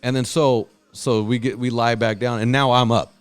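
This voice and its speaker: A man hosting a podcast, telling stories in casual chat, swearing a lot and loudly acting out what people said. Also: mid-range voice, fairly even intonation, normal speed, clear, resonant tone, no echo, faint music behind. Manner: profane, storytelling, acts out quotes loudly. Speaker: podcast host.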